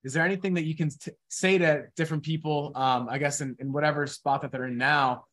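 Quick-talking man asking rambling questions. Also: a little high, fairly even intonation, a bit bright. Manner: hesitant, polite, rambling questions. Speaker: interviewer, host. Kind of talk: casual interview.

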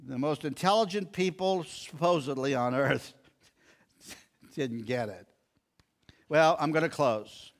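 An older man preaching with lively, animated storytelling. His voice sits a touch high for a man, and he acts out the quoted lines as he retells scripture to his congregation. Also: slow pace, long pauses. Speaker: pastor. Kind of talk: sermon.

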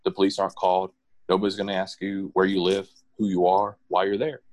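A middle-aged man with a very low voice tells personal stories in a loose, conversational way. He restarts and repeats words as he goes and jumps up in pitch when he quotes people. The recording is dry and close. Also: completely flat delivery, fast, darkish tone, no room sound. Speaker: guest telling personal stories. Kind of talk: casual conversational storytelling.

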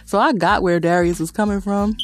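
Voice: medium pitch, fairly even intonation, brisk. A podcast host telling rambling stories in a casual monologue, swearing constantly and laughing often. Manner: profane, rambling storytelling.

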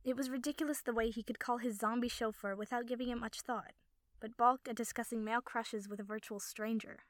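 A woman narrating a story calmly and evenly, recorded on a close mic. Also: fairly high pitch, fairly quick, no room sound. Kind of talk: audiobook fan fiction reading.

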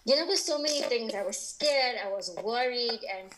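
A woman's voice: fairly high pitch, normal speed, a bit bright, a little hiss or hum, poor audio. A woman speaking as a podcast guest in a casual interview, open and candid, chatty with lots of fillers.

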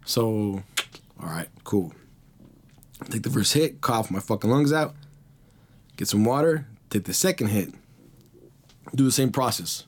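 A man's voice: fairly low pitch, expressive, a little slow, pauses often, slight background noise. A man hosting a podcast, telling a rambling, slang-heavy story full of swearing. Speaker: podcast host. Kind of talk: casual storytelling.

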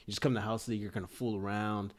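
A young man in casual conversation, telling a story with animated delivery, laughing often and acting out the lines he quotes. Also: lowish voice, quick pace. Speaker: former player, interviewer.

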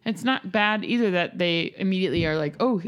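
A woman's voice: on the low side, a little fast, clear, resonant tone. A woman in her thirties, a mother, chatting casually on a podcast and laughing as she tells stories. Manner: laughing, animated storytelling. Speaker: podcast co-host. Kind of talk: casual chat.

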